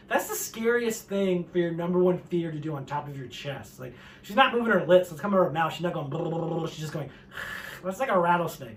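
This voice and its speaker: A man performing a stand-up set, animated, often laughing and acting out voices. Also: high-pitched, a little hiss or hum. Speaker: stand-up comedian.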